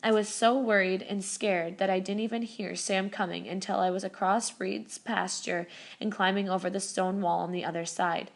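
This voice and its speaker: A woman reading a novel aloud as first-person narration, steady, with small self-corrections. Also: medium pitch, normal speed, vocal fry. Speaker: reader. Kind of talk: audiobook narration.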